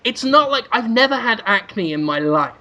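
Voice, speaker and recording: A man co-hosting a podcast, talking in an animated, sweary and jokey way. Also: extremely high pitch, moderate pace. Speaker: podcast co-host. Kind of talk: casual chat.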